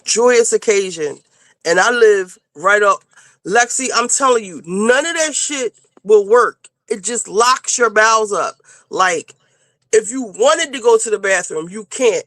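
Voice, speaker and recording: A woman's voice: a little high, fairly bright tone, no room sound. A woman panelist in casual chat, talking bluntly and rambling with plenty of swearing. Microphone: video call.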